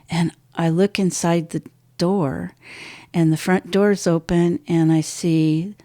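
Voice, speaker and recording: Older woman guest, halting emotional storytelling, darkish low voice, dry mic. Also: dry recording. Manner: halting, restarts often, voice drops low and soft at painful moments. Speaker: podcast guest.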